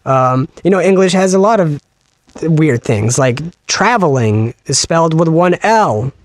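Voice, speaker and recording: High-voiced man chatting casually. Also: animated, dry recording, clean studio sound. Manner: explains at length, slows to spell out sounds. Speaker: podcast co-host. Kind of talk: casual chat.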